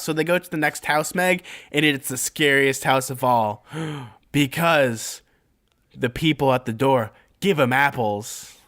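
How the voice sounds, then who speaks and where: A man's voice: mid-range voice, moderate pace, fairly bright tone. A young man co-hosting a casual podcast, retelling a spooky book with jokes and playful gasps. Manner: jokey, recaps plot with playful gasps and quoted voices. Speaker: podcast co-host.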